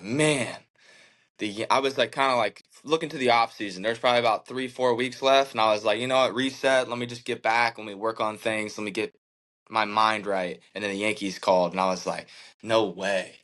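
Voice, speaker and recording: Poor audio captures a thirtysomething professional baseball pitcher being interviewed as a guest. His lowish voice has a fairly bright tone, and he recounts his story in an earnest, reflective way, peppered with "like" and "man."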